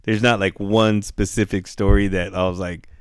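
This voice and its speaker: Middle-aged man, low smooth voice, relaxed profane storyteller, dry close mic. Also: moderate pace, no echo. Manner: profane, laid-back, full of "dude" and "bro", acts out quotes. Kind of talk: casual storytelling chat.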